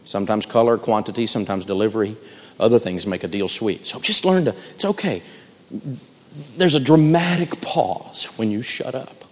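A man giving a live seminar talk on negotiating, telling stories with animated delivery and acting out the quotes. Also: on the low side, normal speed, long reverb tail. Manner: animated storytelling, acts out quotes. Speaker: negotiation speaker.

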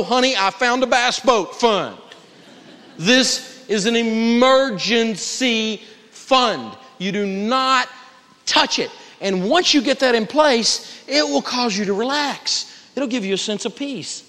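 A man's voice: high voice, fairly bright tone. A man teaching personal finance to a live audience, emphatic, humorous and folksy as he tells stories. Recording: reverberant lecture hall.

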